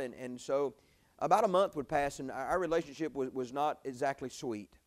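A man, preaching a sermon in a folksy storytelling way, jumping from loud exclamations to quiet asides. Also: mid-range voice, fairly quick. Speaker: pastor.

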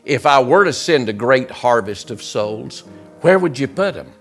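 A middle-aged man preaching an impassioned sermon in a church, swinging between loud shouts and quiet, close asides. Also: mid-range voice, animated, measured pace, faint music behind. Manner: preaching with rising shouts and sudden drops to quiet. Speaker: guest preacher. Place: church sanctuary.

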